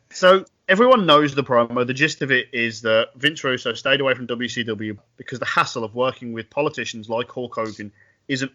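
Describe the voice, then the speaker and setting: A man co-hosting a podcast, recapping events in a wry, animated way. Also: mid-range voice, highs cut off. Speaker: podcast co-host. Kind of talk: casual podcast chat.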